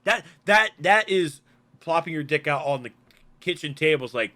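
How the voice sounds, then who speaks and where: A man with a bright, fairly high voice that swoops widely as he talks. He co-hosts a gaming podcast with crude, teasing humor. His delivery is lively and full of exaggerated emphasis. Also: moderate pace, no room sound. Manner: animated, teasing, crude jokes. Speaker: podcast co-host. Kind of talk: casual chat.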